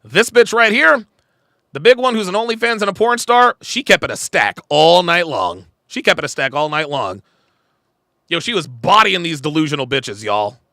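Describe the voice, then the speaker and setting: A man's voice: fairly high pitch, animated, moderate pace, pushed and bright, no room sound, studio quality. A man hosting a podcast livestream, ranting bluntly and crudely while reacting to clips and chat. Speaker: podcast host. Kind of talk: livestream commentary.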